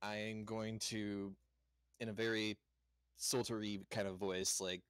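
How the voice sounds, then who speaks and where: A man plays a tabletop game in a relaxed, plain way, describing his character's actions. His voice sits low, and the recording is dry. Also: takes it slowly, smooth, no echo. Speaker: player. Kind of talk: casual tabletop play.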